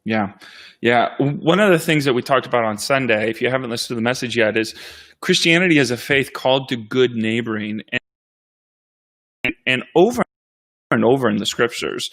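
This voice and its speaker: Reflective man pastor, halting speech. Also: medium pitch, fairly bright tone. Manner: reflective, halting with many restarts. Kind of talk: casual conversation.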